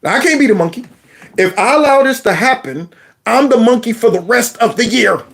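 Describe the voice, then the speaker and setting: A man hosting a political commentary vlog who drifts into folksy storytelling and talks straight to his audience. His voice sits fairly high for a man and has a lot of gravel in it. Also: animated, brisk, a bit bright. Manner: folksy, addresses the audience as y'all. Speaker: host.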